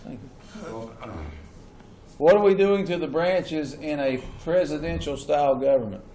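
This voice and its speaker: A man's voice: on the high side, unhurried, dark tone. A man teaching a classroom lesson. He keeps asking the class questions and repeats the key points. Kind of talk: classroom lecture.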